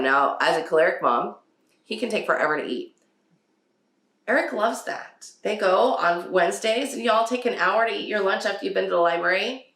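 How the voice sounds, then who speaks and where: A woman's voice: sits low, gravelly, a bit bright. A woman hosting a casual parenting talk. She laughs often and acts out quotes from her children. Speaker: podcast host. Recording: echoey room.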